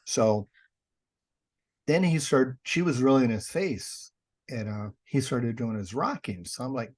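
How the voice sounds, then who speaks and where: A man's voice: mid-range voice, expressive, a little slow, a little mellow. Middle-aged man telling wry anecdotes. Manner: wry and sarcastic, acts out dialogue in his anecdotes. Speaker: guest, paranormal investigator and author. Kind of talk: casual storytelling.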